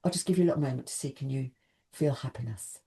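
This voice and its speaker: A woman's voice: very deep voice, quick pace, gravelly, mellow. A woman giving an earnest motivational talk, speaking directly to the viewer and often asking them questions. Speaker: self-help speaker.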